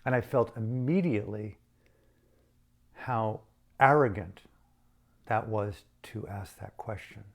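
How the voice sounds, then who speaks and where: A man's voice: lowish voice, slow, vocal fry, long pauses. A man from the United States telling a personal story in a reflective, self-mocking way with shifting emphasis. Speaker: storyteller and author.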